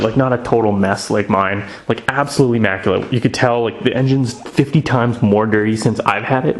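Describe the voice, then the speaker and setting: Chatty young man in his garage. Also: lowish voice. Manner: chatty, enthusiastic, lots of "like" and "um". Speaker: car project vlogger. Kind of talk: casual garage vlog. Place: home garage.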